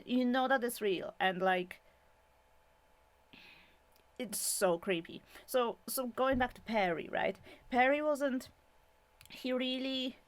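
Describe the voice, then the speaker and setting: A woman hosting a video, summarizing a true-crime book in a casual, animated way, with exclamations, rants and lots of fillers. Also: a little high, no echo. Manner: animated, exclaiming, quick asides; many fillers and restarts, chatty.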